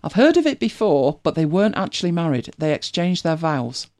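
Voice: medium pitch, sing-song, fairly quick, darkish tone. A host with a British accent, chatting casually and rambling with many restarts. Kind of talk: casual chat.

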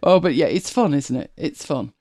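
Chatty woman with lively pitch. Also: moderate pace, no room sound, clean studio sound. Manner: chatty, laughs often, animated storytelling. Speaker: podcast co-host. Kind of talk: casual chat.

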